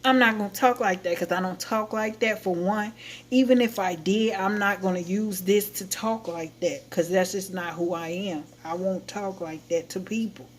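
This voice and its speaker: Woman livestreamer, mid-pitched voice, loose animated storytelling, casual chat. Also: normal speed, slight background noise. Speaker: livestream host.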